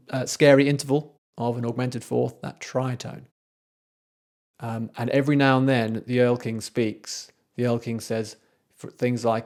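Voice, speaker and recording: A man's voice: mid-range voice, darkish tone. A man, a composer, giving a casual, enthusiastic commentary on a classical art song, with a conversational manner. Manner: enthusiastic, conversational, with frequent fillers. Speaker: composer hosting a music analysis show.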